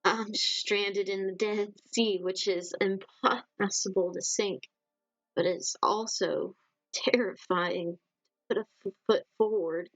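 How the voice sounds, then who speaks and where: A woman's voice: medium pitch, fairly even intonation, takes it slowly, dry recording, poor audio. Woman reading as a sad young ghost. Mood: melancholy. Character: sad young female ghost, lost and fragile. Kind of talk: reading game dialogue aloud.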